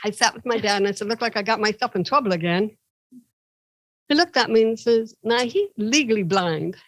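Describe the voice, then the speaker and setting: A woman from Ohio, USA, appears as a podcast guest, animatedly telling personal stories and acting out the people in them with big pitch jumps. She talks fairly quickly, and the recording is dry and low in quality.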